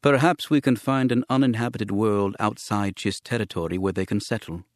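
A man voicing a sober, courtly alien official who speaks in a formal, measured, grave way, read as a scripted audiobook. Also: lowish voice, fairly even intonation, no echo, lightly acted.

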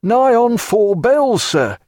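A high, wheedling deckhand pleads and reasons in a storybook reading, as a man puts him on. The sound is dry and close. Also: big pitch swings, takes it slowly, darkish tone, dry recording, exaggerated voice. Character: wheedling sailor, captain of the afterguard.

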